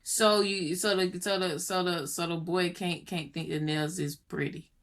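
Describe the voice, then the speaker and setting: A woman argues in a casual podcast debate. She is animated and quick to push back. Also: on the low side. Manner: animated, pushes back, drawls. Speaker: podcast co-host.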